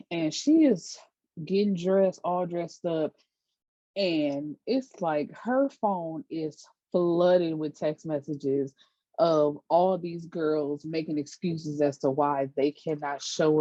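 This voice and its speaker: Woman, low mellow voice, casual chatty TV recap, dull dry lo-fi recording. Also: no echo. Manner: chatty, animated retelling with lots of fillers. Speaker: TV episode recap reviewer.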